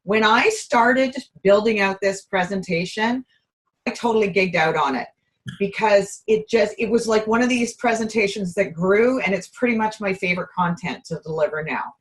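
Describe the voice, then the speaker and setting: A woman guest in a casual interview, upbeat and chatty, her voice a little hoarse. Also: mid-range voice, moderate pace, rough recording. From Canada. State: slightly hoarse. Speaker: guest presenter, bookkeeper.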